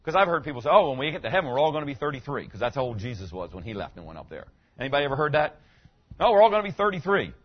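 A man's voice: mid-range voice, lively intonation, very fast, few pauses, husky, lo-fi sound. A middle-aged man, a pastor, preaching a sermon in a conversational way, asking the congregation questions as he goes.

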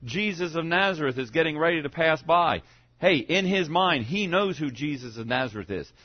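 A man preaching a sermon to his congregation, swinging from loud to hushed as he goes. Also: a little high, lively intonation, normal speed. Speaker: pastor. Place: church sanctuary. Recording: dull lo-fi sound.

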